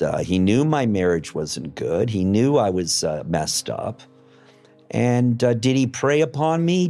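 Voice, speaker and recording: A middle-aged man tells his story in a blunt, profane way, stopping and restarting with fillers. His pitch swings widely from sentence to sentence. Faint music plays under him. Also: creaky, a little mellow. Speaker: interviewee. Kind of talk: emotional personal testimony.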